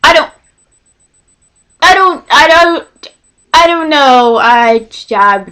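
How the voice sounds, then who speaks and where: Young texan girl vlogging a story, super animated voice that swoops up and down, keeps tripping over her words. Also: high voice, slow pace. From Texas. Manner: rambling, self-interrupting, excitable. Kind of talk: storytime vlog.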